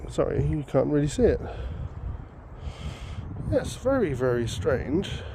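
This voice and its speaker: A man's voice: on the high side, very animated, takes it slowly, vocal fry, noisy background. A man chatting upbeat to viewers while he works outdoors in a field. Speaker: metal detecting vlogger. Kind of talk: casual outdoor vlog commentary.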